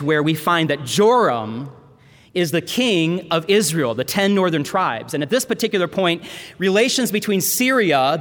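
A man's voice: sits high, fairly bright tone. A man, a seminary professor, preaching a sermon in a church and telling a Bible story dramatically. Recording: long hall reverb.

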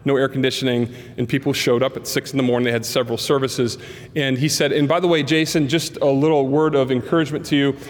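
In a large, echoing church hall with long reverb, a pastor with a mid-range voice preaches fast. His sermon is built on stories, and he brings them to life by acting out each person's lines.

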